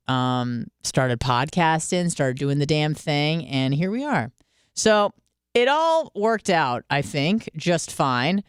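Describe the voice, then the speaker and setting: Candid young woman radio host, crisp and dry. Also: low voice, dry recording. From Michigan. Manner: candid, swearing, lively storytelling. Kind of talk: casual solo radio monologue.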